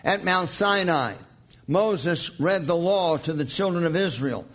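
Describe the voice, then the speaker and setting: A man preaching a sermon in an earnest teaching tone, slowing down for emphasis and reading scripture aloud. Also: high-pitched, fairly bright tone.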